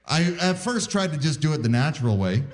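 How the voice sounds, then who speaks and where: His voice is on the high side, very animated and brisk. The forties-aged comedian mocks himself onstage in a live theatre and acts out voices of his wife and doctors, with the recording picking up crowd noise and audience laughter.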